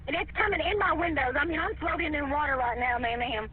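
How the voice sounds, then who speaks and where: A woman's very high voice comes through a thin, tinny phone line. She is frightened and tearful, stammering and pleading for help in a panicked rush. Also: fast talker. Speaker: emergency caller. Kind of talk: recorded emergency call.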